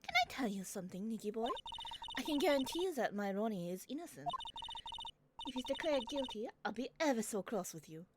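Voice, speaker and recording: A woman's voice: fairly high pitch, sing-song, fairly quick, very noisy, voice pushed up. A woman voicing a flirty, doting wife who talks sweetly and teasingly. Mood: sugary. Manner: sugary, teasing, with a touch of French greeting. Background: game music.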